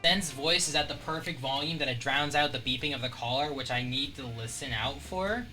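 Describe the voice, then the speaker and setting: Streamer host, bright tense voice, casual self-deprecating chat. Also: medium pitch, fairly quick, distant mic, soft background music, poor audio.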